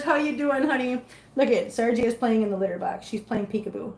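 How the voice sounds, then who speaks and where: A woman's voice: fairly high pitch, expressive, quick pace. A middle-aged woman chatting casually on a livestream and cooing baby talk to her cats. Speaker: vlogger reading live chat.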